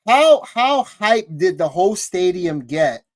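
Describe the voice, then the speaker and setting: A man co-hosts a casual sports talk livestream. He speaks slowly and deliberately, laying out his points analytically. The sound is dry and close to the mic. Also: high-pitched, big pitch swings, no echo. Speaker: podcast co-host.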